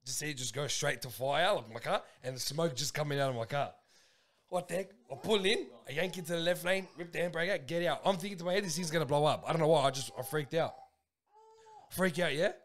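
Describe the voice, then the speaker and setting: A young Australian man, a podcast co-host, telling a story in casual, slangy talk and acting out his own reactions. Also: fairly high pitch.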